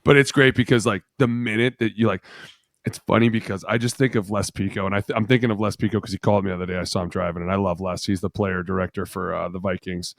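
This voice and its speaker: Low-voiced profane former football player. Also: male voice, fast, gravelly, no room sound. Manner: profane, animated storyteller acting out voices. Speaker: podcast co-host, former NFL player. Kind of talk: casual chat.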